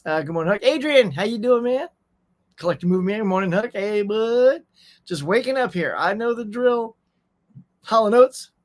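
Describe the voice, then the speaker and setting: A man hosts a casual morning livestream in a high-pitched, animated voice at normal speed. He chats easily with viewers, reading their messages aloud and answering in a loose, friendly way with plenty of y'alls.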